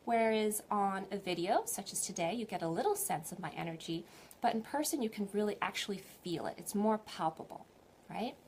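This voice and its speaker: A woman spiritual teacher giving a live online talk, gentle and encouraging, often putting questions to her viewers. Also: medium pitch, expressive, brisk, a little hiss or hum.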